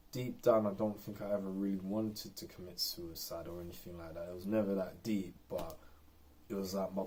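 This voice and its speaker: A man's voice: deep voice, darkish tone. A man talking candidly and in a rambling way in an unscripted personal vlog. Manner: rambling and candid, lots of fillers. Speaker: vlogger.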